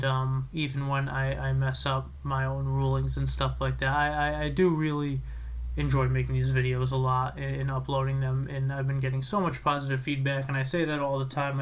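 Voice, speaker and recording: With a mid-range voice at a moderate pace, a young man offers casual commentary on a card game he's playing. Excitable and self-critical, he restarts frequently.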